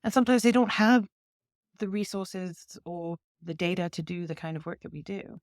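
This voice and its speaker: A British woman, the CEO guest on an interview, speaks at a fairly low pitch and normal speed in clean, studio-quality sound with no room echo. She explains her approach through long examples and acts out conversations with clients.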